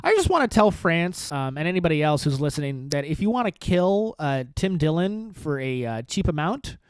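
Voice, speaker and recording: A man's voice: on the high side, sing-song, normal speed, smooth, dry recording. A man hosting his own podcast, talking alone in a sarcastic, provocative, rambling way. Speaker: podcast host. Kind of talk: solo comedic podcast rant.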